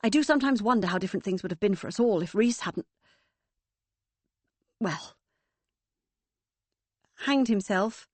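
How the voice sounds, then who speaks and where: A woman's voice: medium pitch, expressive, unhurried, pauses often, a little mellow, no echo. A woman reading an audiobook voices a self-absorbed mother near sixty with a breezy, sing-song manner. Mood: airy. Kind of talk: audiobook character voice.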